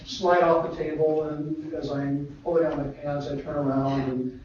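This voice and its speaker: A man speaking at a memorial tribute, soft-spoken and halting, with frequent pauses. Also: a little high, flat delivery, slight background noise. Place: lecture hall. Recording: echoey hall, distant mic, dull livestream audio.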